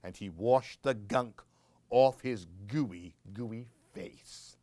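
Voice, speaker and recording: A man reading a children's picture book aloud as a library storyteller, playing with sound words and dropping into hushed whispers. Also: mid-range voice, extremely slow, dry recording.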